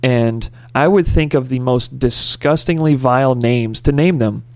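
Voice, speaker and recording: A man's voice: medium pitch, measured pace, heavy background noise. A man co-hosting a podcast in casual chat, rambling and joking goofily. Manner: rambling, goofy, jokey. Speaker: podcast co-host.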